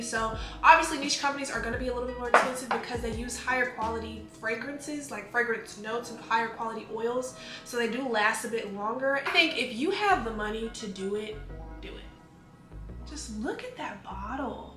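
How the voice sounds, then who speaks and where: A young woman chats through her perfume collection, gushing and chatty, her voice bright and ringing and a little high. She records in an echoey room at home with soft music playing underneath. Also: normal speed. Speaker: beauty vlogger. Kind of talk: casual fragrance review.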